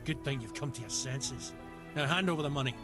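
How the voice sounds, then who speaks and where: A man's voice: medium pitch, a little fast, close to an everyday voice. An actor playing a bullying male debt collector in a video game, talking in a taunting, threatening way over game music. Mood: menacing.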